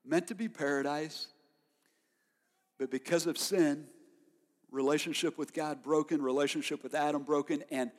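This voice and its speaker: A man preaches in a somewhat high voice that rings out with a long reverb through a church hall. He is emphatic, rising to loud declarations and dropping to quiet reflection. He keeps asking his listeners questions. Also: steady tone, normal speed, long pauses. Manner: asks the listeners rhetorical questions. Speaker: pastor. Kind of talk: sermon.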